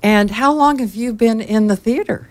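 A woman's voice: on the high side, normal speed, a little mellow. A woman radio host interviewing guests in a chatty, playful way and laughing easily.

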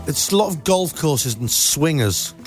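Older guy hosting local radio, teasing and rambling, bit high pitched, music bed under him. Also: expressive, a little slow. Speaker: radio show host. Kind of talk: casual radio interview. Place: community radio studio.

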